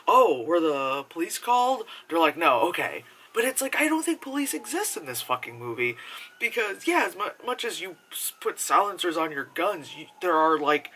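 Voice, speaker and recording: A man's voice: medium pitch, sharp tone. A man giving a casual, rambling movie review, full of fillers and swearing.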